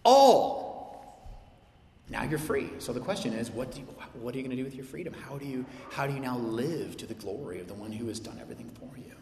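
A man's voice: mid-range voice, quick pace, few pauses, slight background noise. A man preaching a sermon as a pastor, passionate and emphatic, acting out quoted voices. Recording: echoey hall with long reverb.

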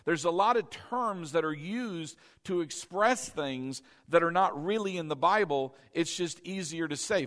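A man's voice: on the high side, a bit bright, in a large hall. A man preaching a sermon to his congregation as pastor, emphatic, repeating key lines and quizzing the crowd. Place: church sanctuary.

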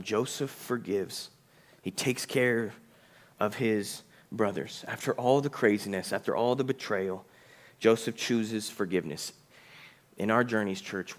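A male pastor preaching a conversational sermon, reading scripture aloud, asking the congregation questions and slowing down for emphasis. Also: fairly low pitch.

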